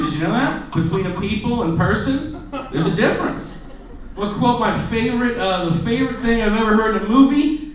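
A man in his twenties doing a stand-up comedy set, self-deprecating, dropping to a low mutter and then bursting into loud shouted bits. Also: very echoey, far from the mic, background noise. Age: 20s. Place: comedy club stage. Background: audience laughter.

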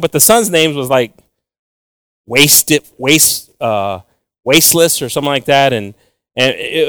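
A young man teaching from the Bible with animated emphasis, switching between English and Spanish and repeating words as he goes. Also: a little high, no echo. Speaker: preacher.

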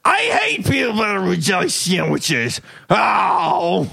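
A man voicing a grumpy, simple old male factory worker who whines in a high, drawn-out wail. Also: huge pitch swings, vocal fry, bright, forceful tone, husky, exaggerated voice. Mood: grumbling.

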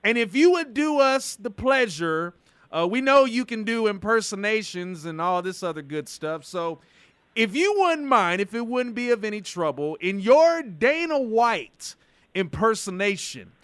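Hyped, lively radio show host. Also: male voice, sits high, unhurried, clear, resonant tone, dry recording. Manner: hyped, enthusiastic. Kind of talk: radio interview.

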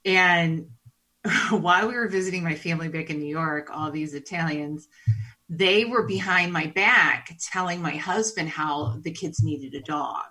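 Middle-aged woman, bright tense voice, lively anecdotes, casual chat. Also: low-pitched, unhurried. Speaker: podcast co-host.

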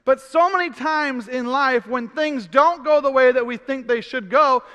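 Male pastor: very high, bright voice, emphatic sermon, echoing hall. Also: a little slow. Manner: emphatic, repeats phrases, cries out in frustration. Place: church hall. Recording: long hall reverb.

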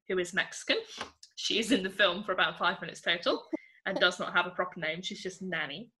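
A woman's voice: mid-range voice, bright, forceful tone. An English woman co-hosting a podcast, chatting casually about a film and laughing often. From England. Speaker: podcast co-host.

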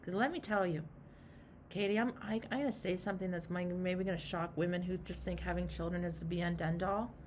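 A woman's voice: lowish voice, fairly even intonation, fairly quick, a little hiss or hum. A woman coaching a client in casual talk, emphatic and direct, with frank asides. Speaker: life coach.

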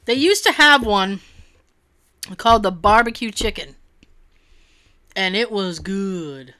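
A woman co-hosting a casual podcast chat, animated, laughing often and swearing freely. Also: medium pitch, takes it slowly, no room sound, studio quality. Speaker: podcast co-host.

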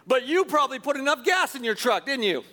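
A middle-aged man, a pastor, telling a self-deprecating story in a sermon, animated and chuckling as he goes. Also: very high-pitched, fast talker. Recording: long hall reverb.

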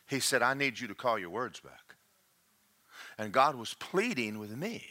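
An older man preaching a sermon, swinging between hushed asides and slow, emphatic lines. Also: medium pitch, big pitch swings. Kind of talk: sermon with personal testimony.

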